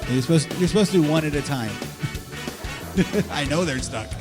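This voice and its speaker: A man hosting a live stage event, calling names and directing a game with energetic, joking instructions. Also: on the high side, moderate pace, over music. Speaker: host. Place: convention stage before a live audience.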